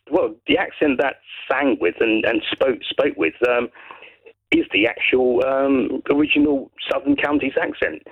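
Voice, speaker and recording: A man from Brighton calling in to a radio show, chatting in a rambling way with many restarts. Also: medium pitch. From Brighton, England. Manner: rambling, lots of restarts, lively. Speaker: caller. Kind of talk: casual phone-in chat. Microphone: telephone. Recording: muffled phone line.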